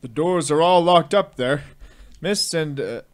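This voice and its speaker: A man's voice: a little high, unhurried, dry recording, natural voice. A man reading the part of a nervous, polite night guard in a live script read. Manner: polite, hesitant.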